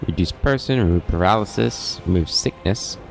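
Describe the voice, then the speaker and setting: Low-voiced male let's play host, musing through a game over soft music. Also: expressive, moderate pace, gravelly. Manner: thinks aloud, reads game text. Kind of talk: gameplay commentary.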